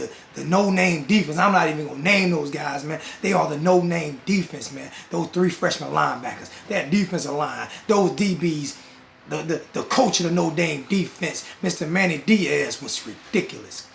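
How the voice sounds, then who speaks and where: A middle-aged man who talks as a fan commentator in a casual vlog rant. He is animated and teasing, laughs often, and ends many phrases with "man.". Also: fairly high pitch, gravelly. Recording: echoey room, faint background noise.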